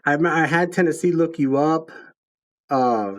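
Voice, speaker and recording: A man's voice: a little high, a little slow. A man hosting a casual conversation, talking in a reflective and earnest way. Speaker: podcast host. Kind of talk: casual chat.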